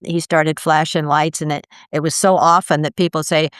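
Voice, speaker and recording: An older woman telling stories in a casual interview, animated and laughing, acting out the voices of people she quotes. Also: low voice, moderate pace, clear, resonant tone, no room sound, studio quality. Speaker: guest, near-death experiencer.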